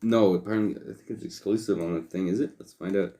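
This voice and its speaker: A man's voice: deep voice, steady tone, fast talker, dark tone. A young man co-hosting a podcast, chatting casually and offhand, swearing a lot and trailing off with fillers. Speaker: podcast co-host. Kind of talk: casual chat.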